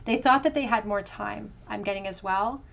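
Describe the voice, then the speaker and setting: With a creaky, medium-pitched voice at normal speed, a woman gives a pick-a-card tarot reading. She thinks out loud about what each card means, peppering it with gentle fillers.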